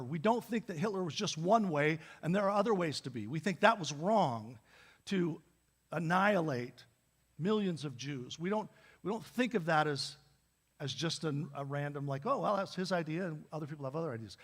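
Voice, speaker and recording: Male pastor, high-pitched, chatty storytelling sermon delivery. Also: slightly rough. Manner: storytelling, conversational with repeated restarts. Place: church.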